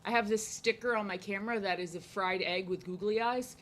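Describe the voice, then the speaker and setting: Speaking at a medium pitch with fairly even intonation, this young art streamer talks fairly quickly in a slightly bright tone. She draws while chatting with her live-stream viewers, welcoming them and repeating her lines a lot.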